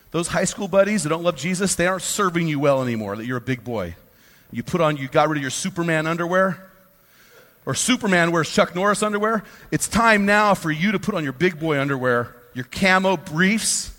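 A man preaching a fiery sermon to a room of men, swinging from hushed lows to loud, fired-up peaks. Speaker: pastor. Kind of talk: sermon to a men's gathering. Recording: long hall reverb.

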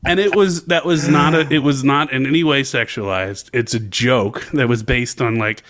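Man, young adult, podcast co-host, animated storyteller, frequent laughter, casual chat. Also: mid-range voice, moderate pace. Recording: podcast mic.

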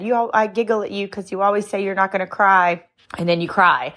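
A woman's voice: medium pitch, steady tone, brisk. A middle-aged woman hosting a motivational podcast, speaking earnestly and emotionally, moved to tears at times. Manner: warm, emotional, earnest, cries easily. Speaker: podcast host.

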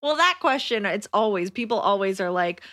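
A woman guest on a podcast, chatting casually, giggly and animated when quoting others. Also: mid-range voice, a little fast, no echo, clean studio sound.

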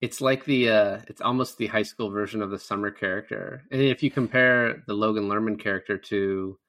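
A man's voice: lowish voice, steady tone, brisk, fairly bright tone. A man in his thirties co-hosting a casual movie review podcast, loose and rambling with lots of restarts. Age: 30s. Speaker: podcast co-host.

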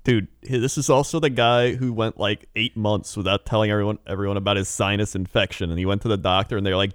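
A man's voice: fairly low pitch, steady tone, fast talker, few pauses, clear, resonant tone, no room sound, clean studio sound. A man co-hosting a podcast, rambling through casual stories and laughing often. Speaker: podcast co-host. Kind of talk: casual chat.

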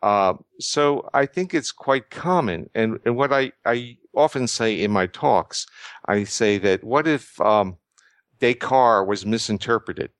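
A man's voice: medium pitch, unhurried, a bit bright, clear, resonant tone, no room sound. An older man answering interview questions, explaining ideas at length with frequent restarts and fillers. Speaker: guest researcher.

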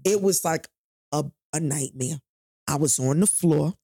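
A woman, telling a personal story on a podcast in a casual, animated and profane way, acting out what people said. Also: deep voice, a little slow, husky, no room sound, clean studio sound. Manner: animated, profane, acts out quotes loudly.

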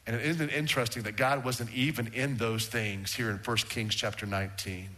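A man preaching a sermon to a congregation, swinging from raised emphatic lines to hushed low words. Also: steady tone, moderate pace. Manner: rises in pitch for emphasis, drops to a hushed low tone. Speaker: pastor. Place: church sanctuary with congregation. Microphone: handheld or stand microphone.

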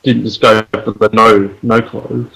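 Husky raspy-voiced guy on a film podcast, offhand jokey asides. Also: on the low side, flat delivery, a little slow, a bit bright, poor audio. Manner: offhand quips. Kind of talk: casual film chat.

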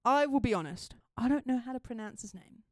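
A young woman with an Australian accent tells a story on her podcast, her voice swooping up and down as she goes. She laughs often and swears without a second thought. Her voice sits fairly high, and the sound is close and dry. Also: brisk, no echo. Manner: animated, laughing, swears freely. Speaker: podcast co-host. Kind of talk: casual chat, storytelling.

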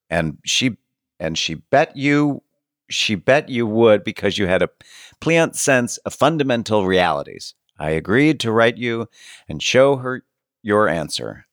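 A man co-hosting a podcast with a fairly low voice that moves up and down a lot. He reads old letters aloud and drops wry asides in a laid-back way. The recording is close and dry. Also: fairly bright tone, dry recording. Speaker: podcast co-host. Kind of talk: casual chat and reading old letters aloud.

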